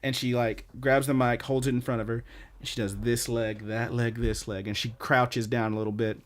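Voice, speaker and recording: A young man co-hosts a casual podcast, tumbling through scene recaps with lots of swearing and filler words. His voice sits at an ordinary middle pitch, neither deep nor high. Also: normal speed. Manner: excited, profane retelling with many "like"s. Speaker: podcast co-host.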